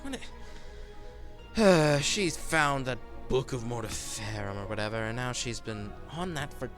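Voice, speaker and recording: A man's voice: mid-range voice, expressive, a little slow, fairly bright tone, soft background music. A man voicing a drow elf craftsman father who talks in flustered, grumbling bursts and sighs over his absent wife. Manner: flustered, sighing, muttering complaints.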